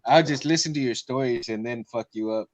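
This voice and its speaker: A man's voice: medium pitch, brisk, no echo. A man with a mid-range voice trades easygoing jokes with friends on a livestream. The sound is dry and close. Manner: laid-back, joking banter. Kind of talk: casual livestream chat.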